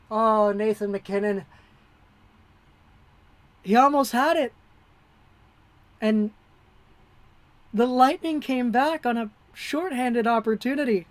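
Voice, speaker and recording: Calling a hockey game play by play, the excitable amateur livestream host rushes breathlessly, though the overall pace is slow with frequent pauses. Mid-range in pitch, the voice is recorded dry and close, with no room sound.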